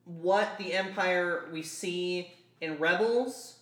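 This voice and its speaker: A podcast co-host chatting casually, hesitant and filling pauses with ums. The voice sits at a middle pitch. The recording carries a roomy echo. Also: a bit bright.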